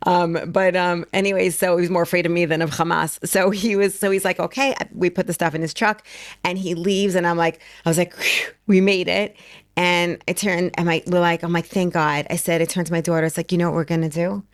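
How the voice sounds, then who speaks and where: A woman's voice: lowish voice, fast, no room sound, clean studio sound. A middle-aged woman telling a story in casual conversation as a guest, acting out the quotes as she goes. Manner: animated, acts out quotes.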